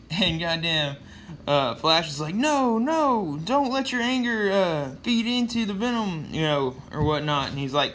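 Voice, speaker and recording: A man's voice: fairly high pitch, pushed and bright, slight background noise. A man casually recapping a comic book, rambling with lots of fillers and swearing.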